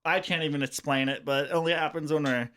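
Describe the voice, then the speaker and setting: A man's voice: a little high, steady tone, quick pace, fairly bright tone. A man talking as a guest on a casual podcast, rambling through stories and swearing with laughter. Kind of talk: casual storytelling chat.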